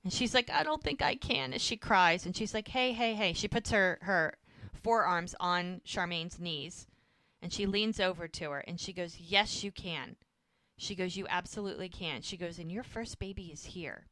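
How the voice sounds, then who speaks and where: A woman's voice: on the low side, moderate pace, pushed and bright, no echo. A woman co-hosting a rewatch podcast, eagerly retelling scenes and acting out the characters' lines in casual chat. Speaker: podcast co-host recapping a show.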